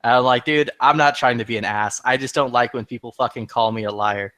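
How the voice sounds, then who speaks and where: A man's voice: mid-range voice, a little fast, dry recording. A man in casual chat, retelling a story in a heated, profane way and acting out the other people's lines. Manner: profane, heated, animated retelling with quoted dialogue. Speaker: podcast regular.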